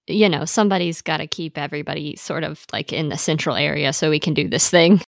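A woman's voice: low voice, fast, gravelly, dry recording, clean studio sound. A woman co-hosting a game podcast, wryly keeping her rowdy friends in line while laughing along. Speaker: podcast co-host and player. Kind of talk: joking banter among friends.

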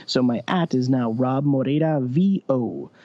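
A man who works as a voice actor, chatting as a podcast guest in a relaxed, easygoing way. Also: mid-range voice, measured pace, no room sound, lo-fi sound. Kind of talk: casual podcast chat.

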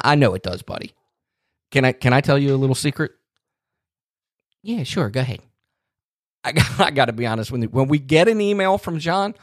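A man's voice: mid-range voice, no room sound, clean studio sound. Teasing, easygoing male podcast host. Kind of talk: casual chat.

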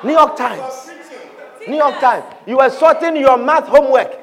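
A man preaching a sermon in a church, animated and acting out prayers. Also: very high-pitched, normal speed, a faint crowd. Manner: animated, lively, acts out prayers and voices. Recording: reverberant hall, faint congregation.

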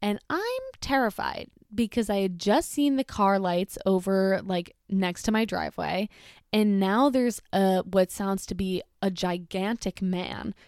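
A young woman casually telling a personal story, chatty and animated, filling her sentences with "like". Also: medium pitch, a little slow, clear, resonant tone, no room sound, studio quality. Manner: chatty, heavy use of "like", animated retelling.

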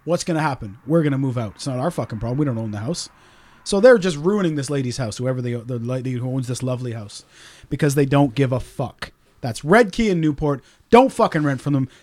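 A man hosting a podcast, swearing freely in a ranting, animated casual chat. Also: medium pitch, a little fast. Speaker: podcast host.

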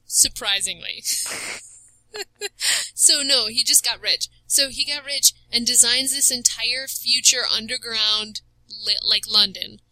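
Retelling a video game's plot in relaxed conversation, a woman sounds fairly high-pitched and lively, peppering her account with laughter and plenty of "like." There's no echo, but the recording is rough.

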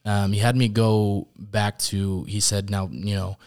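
A man's voice: fairly low pitch, little pitch movement, darkish tone. A young man telling his own story openly on a podcast, earnest and a little emotional, often stopping and restarting. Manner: earnest, open, halting with restarts. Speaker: podcast guest. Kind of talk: candid personal conversation.

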